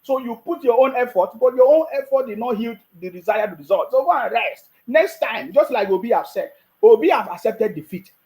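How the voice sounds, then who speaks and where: A man's voice: extremely high pitch, expressive, a little fast, darkish tone, low-quality recording. A man with a Nigerian accent giving a mocking, scolding political rant with frequent restarts. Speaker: political commentator. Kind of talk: ranting video commentary.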